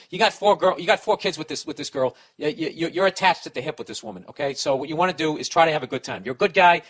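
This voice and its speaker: A man's voice: a little high, a bit bright. A man hosting a comedy podcast, reading a letter and giving advice in a profane, rambling, heated way.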